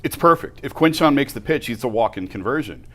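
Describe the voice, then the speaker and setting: A man's voice: medium pitch, lively intonation, fairly quick, sharp tone. A man co-hosting a sports talk show, pushing back on a colleague and reasoning his case point by point. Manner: argumentative, pushes back, reasons it through point by point.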